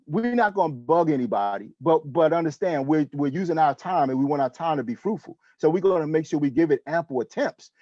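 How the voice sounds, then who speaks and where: A man leads a sales training session, coaching emphatically and checking in with the listener again and again. His voice sits high, with a mellow tone. The recording is dry and slightly dull. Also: no room sound.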